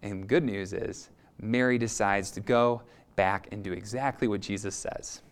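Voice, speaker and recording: A man preaching a sermon, retelling a story in a lively, expressive storytelling manner. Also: lowish voice, unhurried, clean tone. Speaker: pastor.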